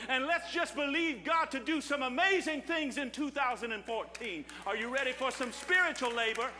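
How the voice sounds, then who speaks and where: A male pastor preaching an impassioned sermon at a church service, rising to shouts. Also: very high-pitched, big-room sound.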